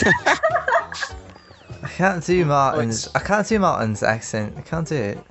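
A man's voice: fairly high pitch, huge pitch swings, takes it slowly, fairly bright tone, soft background music. A man co-hosting a podcast, joking and teasing his co-hosts in casual chat. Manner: playful, teasing. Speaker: podcast co-host. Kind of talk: casual banter.

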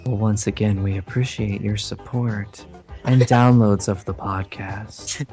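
Low-voiced man signing off a podcast. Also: steady tone, measured pace, gravelly, a little mellow, lo-fi sound, faint music behind. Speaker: podcast host. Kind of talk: casual podcast sign-off.

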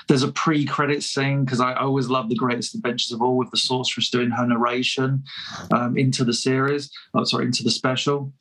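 A man talks through a long story in a relaxed interview, husky and a little breathy. His pitch sits in an ordinary middle range. He rambles with lots of false starts and quick chuckles. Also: low-quality recording. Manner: chatty, self-deprecating, laughs often, many restarts. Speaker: fan filmmaker guest.

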